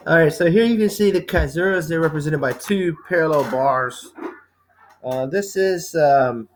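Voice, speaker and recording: A man's voice: fairly high pitch, moderate pace, slight background noise. A man teaching a recorded slide lecture at home, casual and chatty, reading examples aloud. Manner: casual, chatty, with asides to a child.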